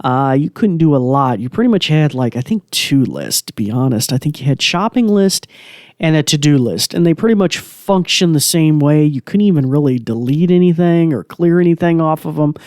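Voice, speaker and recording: Casual male podcast host, rather high voice, dry studio sound, chatty with fillers. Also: expressive, normal speed, darkish tone, dry recording. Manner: chatty, loose, many fillers. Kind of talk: casual tech tutorial. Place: small home studio.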